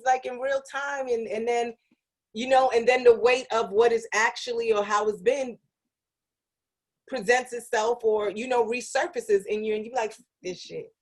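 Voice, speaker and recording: A woman's voice: on the high side, normal speed. A woman radio personality guesting on a podcast in casual chat, reasoning things through with frequent fillers.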